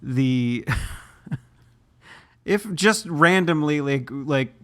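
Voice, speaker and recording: A man's voice: a little high, expressive, very slow, fairly bright tone. A man co-hosting a podcast in casual chat, rambling and hesitant, often trailing off and laughing. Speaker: podcast co-host.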